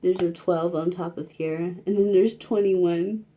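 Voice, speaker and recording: A woman's voice: fairly low pitch, fairly even intonation, a little slow, mellow, a little hiss or hum. A young woman giving a casual tarot reading, rambling and self-conscious, laughing often and filling her talk with likes and you-knows. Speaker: tarot reader.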